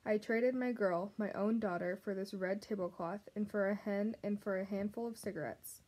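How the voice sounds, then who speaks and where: Lady reading a sad old guy in a cell, rough plain talk, soft mellow voice. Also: mid-range voice, fairly even intonation, moderate pace, lightly acted. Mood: confessing. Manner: plain, rough country speech. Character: remorseful old male prisoner, rough-spoken.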